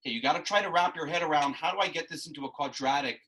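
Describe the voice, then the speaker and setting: Talking very fast in a slightly high, somewhat bright voice, a man explains math ideas to his class. The audio is poor, and his instruction wanders with many restarts and side comments.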